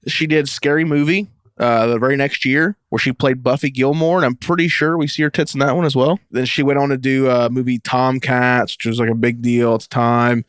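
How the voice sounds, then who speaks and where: A man's voice: mid-range voice, steady tone, fairly quick, hardly any pauses, a bit bright, smooth, dry recording, studio quality. A man co-hosting a podcast, chatting loosely about a movie with plenty of swearing and laughter. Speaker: podcast co-host. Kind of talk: casual movie commentary chat.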